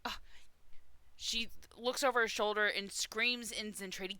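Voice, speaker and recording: A woman playing a tabletop game, describing her character's actions casually and swearing loudly when things go wrong. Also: medium pitch, fairly even intonation, unhurried. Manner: casual, bursts into loud swearing. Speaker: player.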